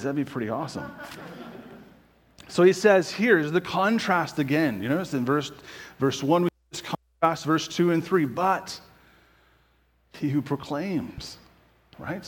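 A man preaching a conversational sermon as pastor, often checking in with rhetorical questions and slowing down to quote scripture. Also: on the high side, husky. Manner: quotes scripture slowly and deliberately.

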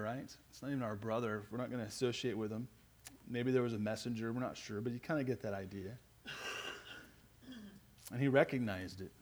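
A man preaching a sermon as pastor, earnest and growing emphatic as he speaks. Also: mid-range voice.

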